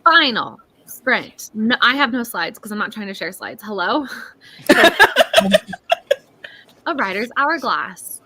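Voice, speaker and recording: A woman hosting a casual writing stream over a video call, chatting, laughing often, and reading her own prose slowly and softly. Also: mid-range voice, animated, background noise.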